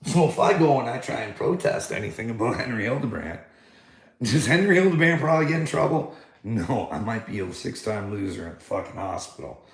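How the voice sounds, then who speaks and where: A man's voice: mid-range voice, very animated, a little fast, roomy sound, a little hiss or hum. A man ranting angrily in a heated vlog monologue, swearing constantly as he retells a confrontation. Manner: angry, heated, swearing a lot. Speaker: vlogger.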